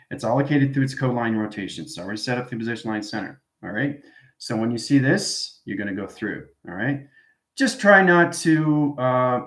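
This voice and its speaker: Guy with lowish voice rambling thru a spiritual class, lots of "right?", echoey room. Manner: rambling, tags statements with "right?". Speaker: spiritual teacher. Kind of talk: informal spiritual class talk.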